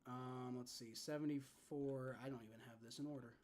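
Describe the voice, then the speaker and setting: A young man hosting a live fan reaction stream with play-by-play, frustrated and swearing, dropping to low mutters and rising to shouts. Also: fairly even intonation, normal speed, slight background noise. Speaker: livestream reaction host.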